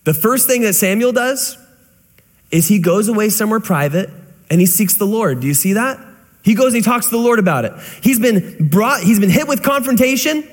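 A young male pastor preaching with a high voice and lively delivery. He tells stories and acts out voices and sounds as he goes. His sermon carries a long reverb.

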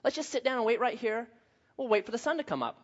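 A man acting out a calm, naive man who tries to soothe his panicking friends. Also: very high voice, fast, pitched above the performer's own voice, full character voice. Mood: reassuring. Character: calm, clueless man reassuring others. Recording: dull lo-fi sound.

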